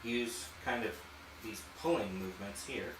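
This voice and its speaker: A man hosting an art channel, walking through a painting demonstration in a relaxed way and thinking aloud as he works. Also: on the low side, unhurried, echoey room, noisy background. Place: home art studio.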